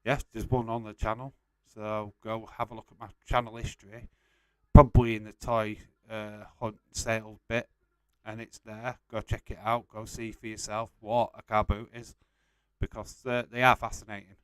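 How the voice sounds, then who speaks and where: A man's voice: on the low side, flat delivery, moderate pace, clear, resonant tone, dry recording. A young man casually hosting a live stream, reading out and answering chat messages and laughing often.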